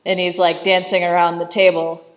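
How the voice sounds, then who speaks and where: A woman's voice: fairly low pitch, little pitch movement, normal speed. A woman casually recapping a film in chatty commentary, saying "like" constantly and laughing often. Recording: dull lo-fi voice recording.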